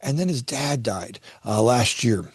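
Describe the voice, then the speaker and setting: With a medium pitch, measured pace, lively intonation and a breathy edge, this middle-aged Florida man, a construction company founder and guest, shares personal stories casually. He often repeats words when starting a thought, and the recording is dry.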